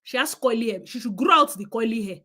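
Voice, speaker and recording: A woman's voice: fairly high pitch, expressive, quick pace, sharp tone. A woman from Nigeria with a Nigerian accent, hosting a live stream and giving emphatic, opinionated commentary to her viewers, slipping into Nigerian Pidgin.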